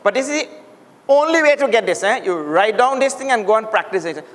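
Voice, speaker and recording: A man's voice: high voice, lively intonation, brisk. A man teaching a class how to pronounce letters, saying each sound aloud for the students to repeat, patient and playful. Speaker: Sanskrit teacher. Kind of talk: classroom pronunciation lesson. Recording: long hall reverb, faint noise.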